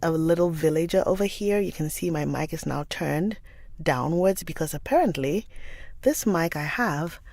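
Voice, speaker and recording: A woman's voice: deep voice, expressive, moderate pace, gravelly, darkish tone, no echo. A woman hosting a casual livestream who chats and greets her viewers by name, speaking into a studio mic. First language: not an American English speaker. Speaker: livestream host and audiobook narrator. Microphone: studio side-address mic.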